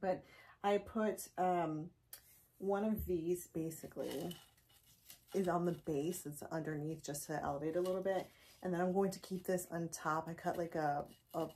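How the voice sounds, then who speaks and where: A woman narrating a casual home crafting vlog, thinking aloud as she works and keeping her voice hushed so a napping child won't wake. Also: on the low side, steady tone, moderate pace, a little hiss or hum. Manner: thinking aloud while working with her hands. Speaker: home decor vlogger.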